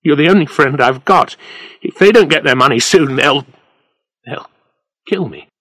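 A man's voice: medium pitch, lively intonation, normal speed, a bit bright, dry recording. A man voicing a nervous, desperate middle-aged man in trouble, pleading and urgent in a storybook reading. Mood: pleading, panicky. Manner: pleading, rising and shaking with panic.

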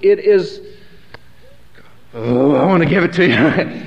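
A man's voice: on the high side, lively intonation, slow, pauses often. A man teaching a sermon in a rambling, emphatic way that corrects itself mid-sentence. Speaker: Bible teacher. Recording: echoey hall, dull lo-fi sound.

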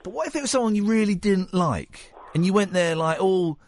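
A man's voice: sits high, expressive, fairly quick. A man hosting a radio show in a playful, rambling, teasing way. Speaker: radio host. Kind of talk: casual radio chat. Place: radio studio.

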